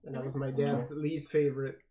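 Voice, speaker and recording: Man telling relaxed stories in group chat. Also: medium pitch, fairly quick, background noise.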